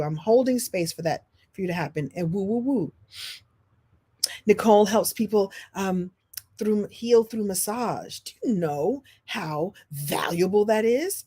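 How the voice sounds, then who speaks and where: Woman coach talking on a live stream, super expressive, big swings loud to quiet, repeats herself a lot. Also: breathy edge. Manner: expressive, shifts from loud and high to soft and low, laughs; repeats phrases for emphasis. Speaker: speaker and business coach.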